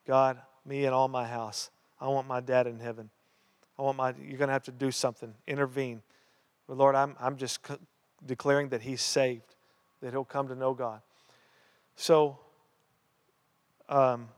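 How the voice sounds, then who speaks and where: A man preaching a sermon as pastor, telling a story in an earnest way and repeating key phrases. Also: mid-range voice. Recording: long hall reverb.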